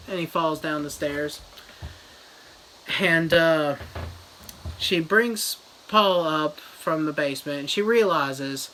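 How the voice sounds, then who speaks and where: Slow, rambling deadpan reviewer. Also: medium pitch, a little hiss or hum, rough recording. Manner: crude, deadpan, rambling jokes. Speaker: book reviewer. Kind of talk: comedic rambling book summary.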